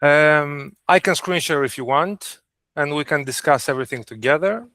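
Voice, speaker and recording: A trip planner speaking on a video call. His voice is forceful and crisp, recorded dry and close, and his delivery is earnest but full of hesitant fillers. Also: on the high side, moderate pace, no echo.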